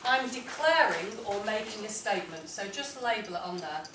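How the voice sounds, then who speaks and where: A woman leads a classroom writing lesson. She speaks clearly and deliberately and leans on key words when she reads examples aloud. Her voice carries from a distance in an echoey room, with a faint hum of room noise behind it. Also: medium pitch, expressive. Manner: clear, deliberate, emphatic reading of model texts. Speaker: English teacher.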